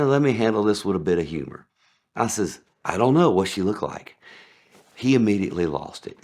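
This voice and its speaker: A man telling sarcastic stories about his days as a delivery driver, acting out the people he quotes. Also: a little mellow. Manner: sarcastic, acts out quoted people with big pitch jumps. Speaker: former package delivery driver. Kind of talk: anecdotal storytelling.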